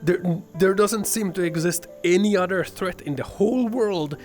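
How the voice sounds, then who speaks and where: A man's voice: high voice, moderate pace, soft background music. A man streaming, ranting casually with lots of swearing and filler words. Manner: rambling, profane, fillers "like" and "man". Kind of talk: casual chat.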